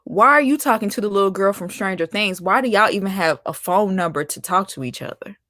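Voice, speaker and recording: A woman hosting her own chat vlog, ranting casually in an animated, sassy way with lots of laughter. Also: mid-range voice, fairly quick, dry recording, clean studio sound. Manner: animated and sassy, laughing, calling out with "honey" and "baby". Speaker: vlogger host. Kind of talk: casual opinion rant.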